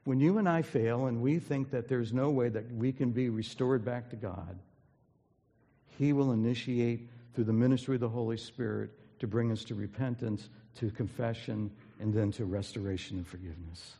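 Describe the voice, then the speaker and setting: Male pastor, mid-pitched voice, earnest and emphatic sermon delivery, long hall reverb. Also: moderate pace, dark tone, breathy edge. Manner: earnest, emphatic preaching with storytelling build-ups. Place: church sanctuary.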